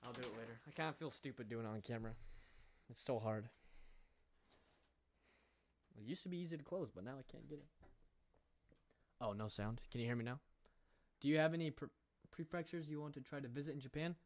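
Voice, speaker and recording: Speaking quickly at a mid-range pitch, a young American man streams from home on a studio microphone. He chats playfully with viewers, rambling and reading the chat out loud.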